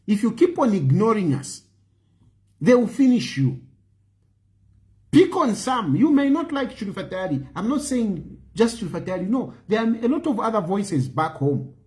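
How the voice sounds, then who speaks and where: A man's voice: high-pitched, darkish tone. A man with a Zambian accent delivering an impassioned political monologue as a show host, pleading and emphatic, repeating his phrases and slipping in Bemba words. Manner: mixes Bemba phrases into English.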